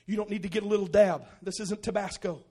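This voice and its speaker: A pastor preaching a sermon in a church, moving from quiet teaching to loud, shouted exhortation. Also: male voice, sits high, fairly even intonation, fast talker, husky. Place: church auditorium.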